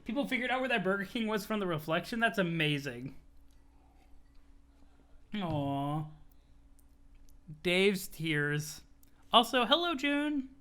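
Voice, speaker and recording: A young man hosts a live-streamed read-along, talking in a high, bright, forceful voice. He is animated and loose, swears casually, and chats back to his viewers as he reads. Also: slow, pauses often.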